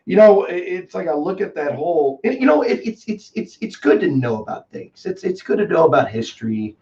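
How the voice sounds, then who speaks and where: Fast-talking Texan man on a lo-fi call. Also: high-pitched. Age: 20s. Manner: rambling and excitable, full of "dude" and "man". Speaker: guest. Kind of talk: casual chat. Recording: distant, dull lo-fi call audio.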